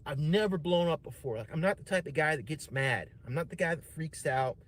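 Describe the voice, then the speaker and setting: A man's voice: fairly high pitch, fairly quick. A man streaming, telling a personal story in a casual, rambling way, swearing often and saying "man" and "dude" a lot.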